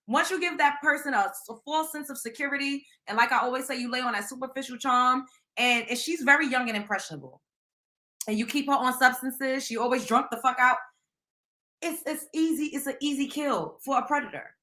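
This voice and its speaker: A woman with a Southern US drawl hosts a casual live stream, her slightly high voice ringing bright at a fairly quick pace. She's blunt and emphatic, leans heavily on slang, and keeps asking her viewers what they think.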